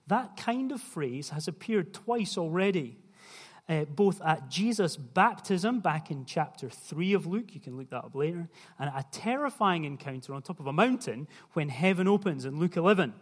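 A man's voice: fairly high pitch, expressive, normal speed, husky. A young man preaching a sermon in a conversational way, putting questions to the listeners. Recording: long hall reverb.

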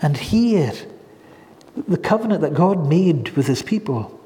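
Slow, earnest preacher in a reverberant hall. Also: male voice, fairly high pitch, big pitch swings, dark tone. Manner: earnest, slow and measured with emphatic pauses. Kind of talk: sermon. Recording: long reverb in a large hall.

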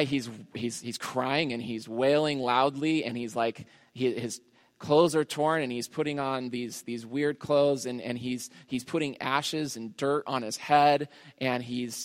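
Male pastor, mid-pitched voice, casual sermon delivery full of "uh"s and restarts, recorded with hall reverb. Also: a little slow. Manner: conversational, many fillers and restarts.

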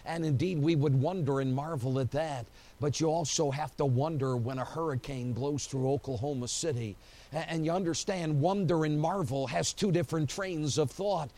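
A man's voice: on the high side, moderate pace, mellow. A man preaching a sermon as pastor at an evening church service, telling the story with animation and acting out quotes, with many "you know" fillers.

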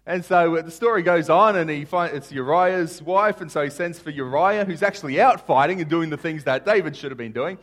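A male pastor preaching a sermon, retelling a Bible story in casual modern terms and acting out the characters with big swings in loudness. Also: fairly high pitch, fairly quick, hardly any pauses.

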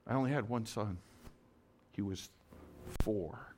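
A man preaching a sermon as a story, dramatic, moving from loud urgency to soft, hushed lines. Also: fairly low pitch, slow, slight background noise. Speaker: pastor.

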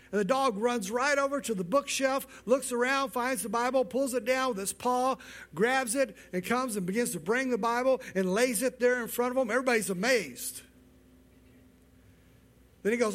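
A male pastor preaching a sermon, telling a long joke in an animated storytelling manner and often repeating words. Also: very high-pitched, a little fast.

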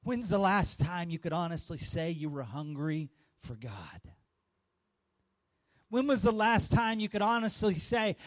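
A male pastor preaching a sermon with call-and-response and bursts of shouting. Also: high voice, very animated, moderate pace.

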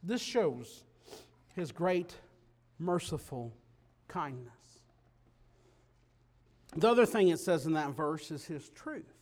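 High-voiced emphatic preacher man. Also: expressive, takes it slowly, pauses often. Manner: emphatic, swings from quiet to loud declarations. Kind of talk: sermon.

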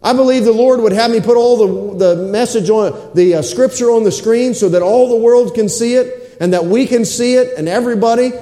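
A man's voice: very high-pitched, fairly quick, few pauses, mellow. A man preaching a sermon as pastor in a church sanctuary, repeating his points and calling for responses from the congregation. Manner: preaching with repetition and call-and-response. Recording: roomy echo with long reverb in a hall.

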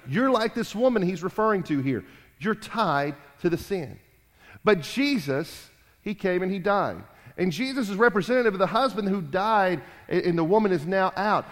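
A man preaching a sermon, emphatic and repetitive, rising loud and dropping quiet. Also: sits high. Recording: long hall reverb.

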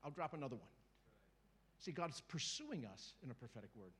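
A middle-aged man preaching a sermon to a church congregation, lively and joking, acting out little voices and calling out to the crowd. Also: mid-range voice, brisk, breathy edge. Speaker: guest preacher.

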